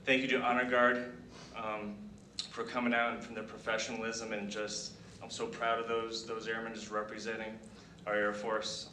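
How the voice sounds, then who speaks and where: A man's voice: on the low side, completely flat delivery, bright, forceful tone. Emotional retiring man in echoey hall. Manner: emotional, halting, many fillers and restarts. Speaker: retiring senior master sergeant giving a speech. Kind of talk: retirement ceremony speech. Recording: echoey hall, distant mic, noisy.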